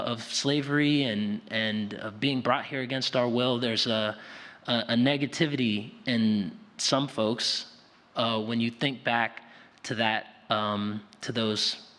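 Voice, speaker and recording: A man's voice: medium pitch, fairly bright tone. A man giving a conversational public talk, often restarting and repeating words. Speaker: guest speaker. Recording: long hall reverb.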